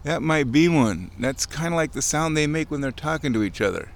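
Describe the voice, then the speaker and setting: A man's voice: a little high, animated, fairly quick. A man narrating casually while walking outdoors along a wooded creek. He is playful and chatty, mimicking sounds and chuckling often. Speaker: nature vlogger. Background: faint outdoor ambience.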